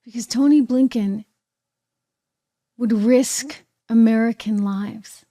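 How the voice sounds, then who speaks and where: A woman with a New Hampshire accent hosting an opinionated political commentary show, talking in an animated, sarcastic way. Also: fairly high pitch, takes it slowly. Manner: animated, sarcastic, mimics people, laughs often.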